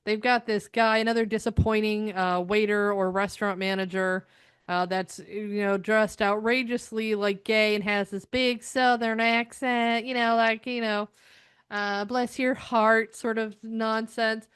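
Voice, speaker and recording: A woman's voice: medium pitch, fairly even intonation, moderate pace, a bit bright, smooth, no room sound, studio quality. A middle-aged woman from the United States, ranting sarcastically through a TV episode review, exasperated and rambling.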